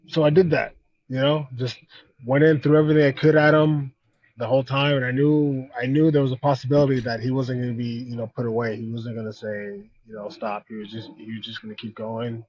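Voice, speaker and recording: A man as a podcast guest in casual conversation, halting and reflective, filling pauses with "man" and "you know.". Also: mid-range voice, darkish tone, no echo, dull audio. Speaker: guest fighter.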